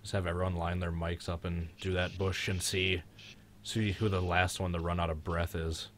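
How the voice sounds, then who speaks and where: A man's voice: low-pitched, level tone, moderate pace, a little hiss or hum. A young man hosting a live stream, chatting casually and joking in a rambling way.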